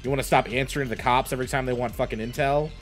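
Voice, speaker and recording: A man's voice: mid-range voice, fairly even intonation, very fast, music in the background. A man playing a tabletop role-playing game, talking in character with lots of swearing and stammered repeats. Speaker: player. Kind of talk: in-character role-play, casual.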